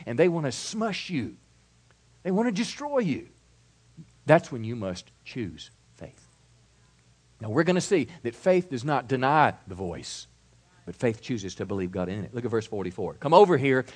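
A male pastor preaching a sermon emphatically, moving between loud declarations and quieter asides. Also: medium pitch, big pitch swings, moderate pace, breathy edge.

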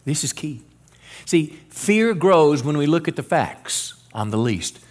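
A man's voice: a little high, big pitch swings, a little slow. A middle-aged male pastor preaching a sermon in an earnest style, quoting scripture and often restarting his words.

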